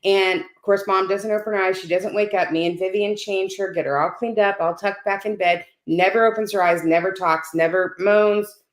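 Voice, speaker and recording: A woman's voice: mid-range voice, steady tone, normal speed. A middle-aged woman telling a personal story in casual conversation on a video call, often checking in with "right?" and "you know". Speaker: guest on a panel talk. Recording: roomy echo.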